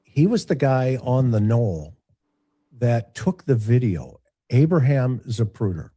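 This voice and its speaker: A man giving opinionated commentary on a livestream, deliberate, with rhetorical questions. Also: mid-range voice, sing-song, dark tone, husky.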